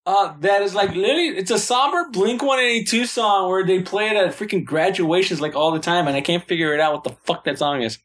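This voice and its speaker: A man's voice: sits high, fairly quick, few pauses, a bit bright. A man hosting a podcast, rambling in a frustrated, casual way and swearing freely. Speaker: podcast host.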